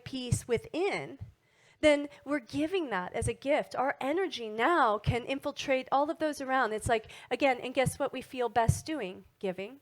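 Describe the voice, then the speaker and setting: A middle-aged wellness speaker gives a motivational talk to an audience in a voice that sits high, animated and full of tag questions.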